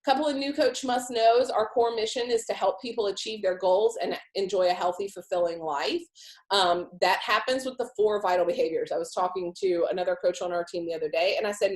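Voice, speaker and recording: A woman's voice: mid-range voice, a little mellow. An upbeat woman coach talks to her team with emphatic, casual energy. Her voice sits in the middle of the usual range for a woman. The room gives it a noticeable echo. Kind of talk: motivational team call talk. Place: home in Hawaii.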